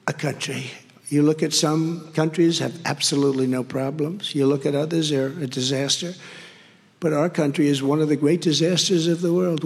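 A man's voice: on the high side, creaky. A man giving a campaign rally speech, rambling and repetitive, with heavy emphasis. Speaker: political candidate at a rally. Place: large rally venue. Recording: long hall reverb.

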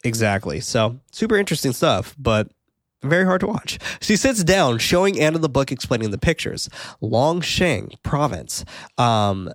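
A man's voice: mid-range voice, sing-song, moderate pace, no echo, studio quality. A man co-hosting a podcast, casually recapping a film's plot, laughing often and swearing. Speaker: podcast co-host. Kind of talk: casual film recap chat.

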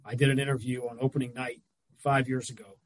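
A man talking basketball in casual chat as a regular analyst, telling stories with quick asides. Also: mid-range voice, flat delivery, noisy background.

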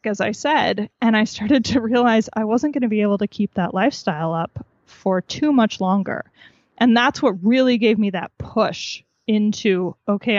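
A woman's voice: mid-range voice, dry recording. A woman author telling her story in a podcast interview, candid and chatty, laughing at herself. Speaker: author and guest. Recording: dull, dry sound.

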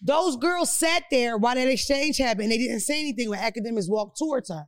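A woman hosting a casual podcast chat, animated and joking, swearing freely as she tells stories. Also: fairly high pitch, quick pace, crowd noise. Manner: animated, profane, joking storyteller. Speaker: podcast host.

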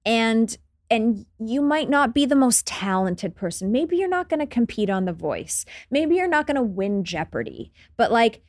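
A middle-aged woman, a guest on a podcast, chatting casually and telling stories with lively acted-out quotes. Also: on the high side, normal speed. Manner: animated storytelling, acts out quotes. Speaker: guest, TV show creator and host.

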